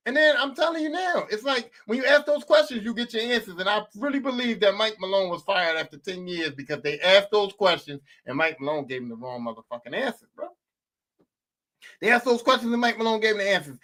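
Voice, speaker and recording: A man's voice: very high voice, sharp tone. A man hosting a podcast, delivering a heated, profane sports rant full of repeated rhetorical questions. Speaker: podcast host.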